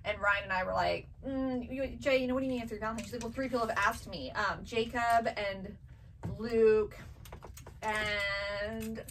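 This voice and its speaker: A woman's voice: medium pitch, fairly even intonation, moderate pace, a bit bright, distant mic, slight background noise, poor audio. A woman in her thirties chatting casually as a seller and mother, telling family stories and acting out her children's voices. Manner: chatty storytelling, acts out her kids' voices. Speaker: vintage box seller and mother. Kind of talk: casual chat.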